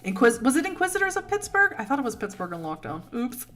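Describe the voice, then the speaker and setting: A woman's voice: a little high, sing-song, fast. Woman, Boston accent, livestream host, casual chat, laughs a lot, rambling. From Boston, United States. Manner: chatty, laughs often, warm and rambling. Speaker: streamer host answering chat.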